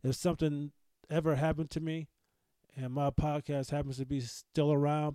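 Guy on his podcast rambling nervously about himself, mellow low tone, dry close mic. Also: steady tone, a little fast, dry recording. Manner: anxious, self-deprecating, rambling with restarts. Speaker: podcast host. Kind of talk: personal storytelling monologue.

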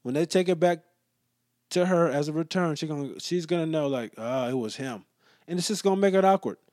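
Guy ranting through a story, swears a lot, kinda high voice, dry close sound, mutters low sometimes. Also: fairly quick, dry recording. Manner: profane, exasperated, deadpan storytelling; drops to low mutters in asides. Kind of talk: casual storytelling rant.

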